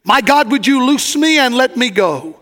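High-voiced preacher in a reverberant hall. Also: male voice, animated, normal speed, sharp tone. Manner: folksy preaching with rising fervor. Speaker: pastor. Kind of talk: sermon.

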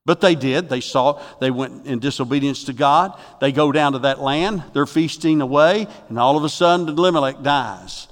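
A middle-aged man preaching a sermon from the pulpit in a church, telling folksy jokes and stories, with his voice getting louder at the punchlines. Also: mid-range voice, moderate pace, few pauses. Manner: folksy storytelling with jokes, rising loud for punchlines. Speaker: pastor. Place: church sanctuary. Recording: long reverb of a church hall.

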